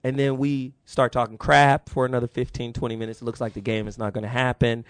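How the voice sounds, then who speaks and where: A man's voice: medium pitch, fast talker, smooth, dry recording. A man in his forties hosting a radio talk show, telling a story with lots of laughter. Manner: animated storyteller, laughs often.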